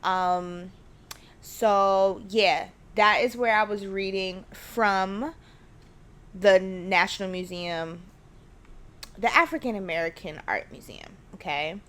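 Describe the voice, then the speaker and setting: Woman podcast host, solo casual chat from home, rambling and excitable with whispered asides, mid-range voice. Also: mid-range voice, slow pace. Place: her living room at home. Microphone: studio mic at home.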